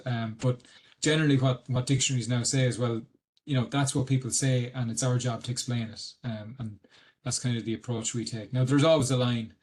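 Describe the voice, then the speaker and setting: A man's voice: mid-range voice, fairly even intonation, fairly quick, darkish tone. A man with an Irish accent explaining dictionary work on a video call, hesitant and full of ums and restarts. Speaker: dictionary editor giving a webinar talk. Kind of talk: explanatory talk.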